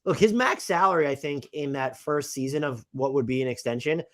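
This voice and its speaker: A man's voice: medium pitch, fairly quick. A man co-hosting a casual basketball podcast, asking questions in a conversational, hedging way. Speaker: podcast co-host. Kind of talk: casual basketball analysis chat.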